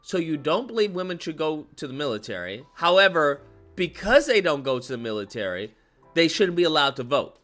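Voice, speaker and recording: A man's voice: on the high side, sing-song, brisk, a bit bright, faint music behind. A young man ranting animatedly as a YouTube commentator, slipping into exaggerated mock voices. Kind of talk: reaction rant.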